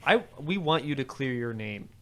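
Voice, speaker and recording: A man's voice: medium pitch, animated, normal speed, fairly bright tone, slight background noise. Sarcastic man podcast host. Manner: sarcastic, mocking banter. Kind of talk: casual music commentary chat.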